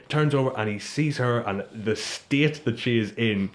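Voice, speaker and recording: A man's voice: mid-range voice, fairly quick. A man with a Scottish accent co-hosting a casual film review podcast, talking animatedly and slipping into silly voices. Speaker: podcast co-host. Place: small room with three mics.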